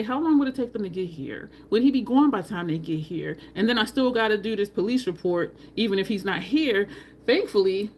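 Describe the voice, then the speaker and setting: A woman's voice: fairly high pitch, a little hiss or hum. A woman beauty vlogger, telling a story casually and expressively to her viewers, now and then swearing.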